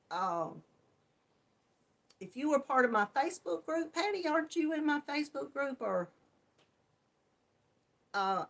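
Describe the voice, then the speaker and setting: Slow-talking woman, chatty host. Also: on the high side, a bit bright. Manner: chatty, laughs often, greets viewers by name. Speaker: crafting channel host. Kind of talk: casual live-stream chat.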